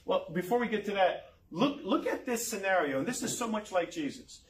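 A pastor with a fairly high voice preaches a sermon energetically and fairly quickly, with lively intonation, throwing rhetorical questions at his listeners and chuckling now and then. He stands some way from the mic, and his voice rings through a roomy church hall.

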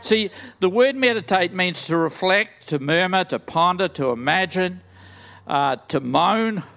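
An older man preaches a sermon in a high voice and at an unhurried, deliberate pace. He is enthusiastic and slips in joking, self-deprecating asides as he speaks to a large church. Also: lively intonation, vocal fry, fairly bright tone. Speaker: guest preacher.

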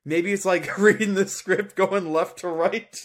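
A young man co-hosting a podcast in casual chat, animated, laughing often and doing mocking impressions. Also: high voice, a little slow. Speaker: podcast co-host.

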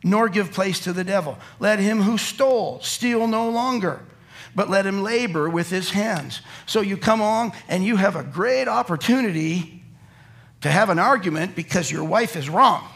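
Speaking at normal speed in a high-pitched voice with some vocal fry, this middle-aged pastor delivers a sermon to a live church audience. His joking, animated style has him acting out quotes and small scenes as he tells stories.

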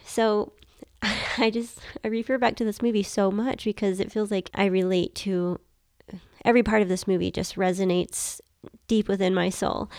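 A woman's voice: mid-range voice, a little mellow, no room sound, studio quality. A woman in her thirties hosting a podcast, talking with a nasal voice from a cold, eager and reflective. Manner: enthusiastic, reflective. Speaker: podcast host. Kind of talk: casual solo podcast talk.

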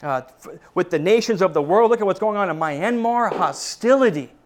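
A man's voice: sits high, lively intonation, moderate pace. A man preaching a sermon to his church, addressing the congregation as brethren and often repeating words as he restarts his sentences. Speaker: pastor. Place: church service.

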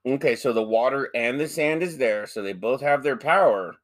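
This is a man co-hosting a casual podcast, swearing freely as he argues his point with animated energy. His voice sits at a middle pitch for a man. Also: moderate pace. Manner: profane, animated arguing. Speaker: podcast co-host.

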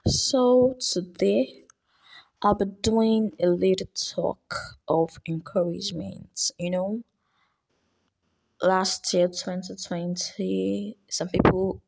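Slow, gravelly woman giving a pep talk. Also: medium pitch, steady tone, darkish tone. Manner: unhurried, earnest, often drops to a whisper. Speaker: speaker giving an encouragement talk. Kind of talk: casual motivational talk.

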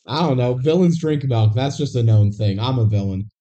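A man's voice: medium pitch, expressive, normal speed, dark tone, muffled recording. A man co-hosting a podcast, casually retelling a movie's plot with lots of fillers and restarts. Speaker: podcast co-host. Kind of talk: casual movie recap chat.

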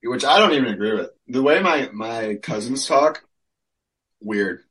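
A man, co-hosting a casual podcast, rambling through stories and tangents with a relaxed, chatty manner. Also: medium pitch, unhurried, rough recording. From Michigan. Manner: rambling, laughing, storytelling. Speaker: podcast co-host.

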